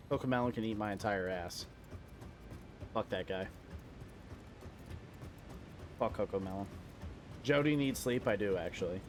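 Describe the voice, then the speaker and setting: A man's voice: medium pitch, a little hiss or hum. Rambling, foul-mouthed young male streamer. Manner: rambling, self-deprecating, profane. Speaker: game streamer. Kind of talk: casual live-stream chat while gaming.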